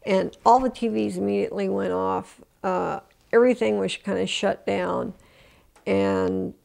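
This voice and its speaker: An older woman in an oral history interview tells her story with feeling, often restarting and imitating the voices she quotes. Her voice is medium in pitch, creaky, and a little mellow.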